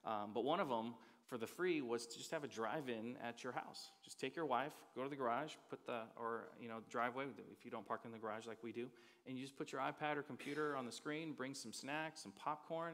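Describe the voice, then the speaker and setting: A man's voice: mid-range voice, a little fast, fairly bright tone. A man preaching a sermon as pastor, casual and joking in a conversational way. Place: church auditorium. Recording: reverberant hall.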